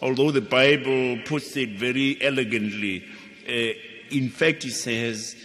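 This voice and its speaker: Slow, animated South African preacher. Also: male voice. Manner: playful, swooping storytelling with sudden high exclamations. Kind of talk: sermon. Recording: long hall reverb with faint music.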